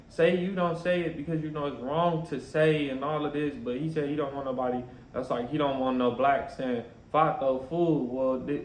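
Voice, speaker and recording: A man reacting to a video clip in casual commentary, talking in animated bursts and ending lines with "bro". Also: a little high. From Los Angeles area. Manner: animated, laughing, repeats "bro". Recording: roomy echo.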